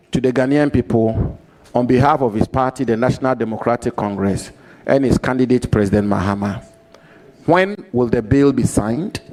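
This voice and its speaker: A man puts questions to a nominee in a formal committee hearing. He speaks in a measured way and repeats his key phrases for emphasis. His pitch sits in the middle for a man. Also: darkish tone, poor audio. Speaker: committee member asking questions. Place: parliamentary committee hearing room.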